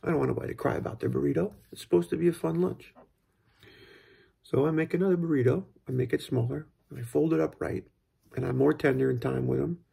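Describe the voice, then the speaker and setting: Gravelly, husky-voiced dad musing on parenting. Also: male voice, a little high, quick pace, mellow. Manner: rambling, thoughtful, full of fillers and restarts. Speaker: father sharing parenting tips. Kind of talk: casual reflective monologue.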